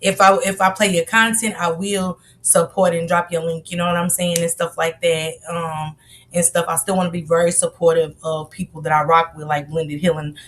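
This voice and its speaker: A woman's voice: fairly low pitch, little pitch movement, normal speed, a little hiss or hum. A woman hosting a casual livestream while sick with a cold, greeting her viewers by name in sisterly chatter. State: sick with a cold, coughing and sneezing. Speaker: livestream host.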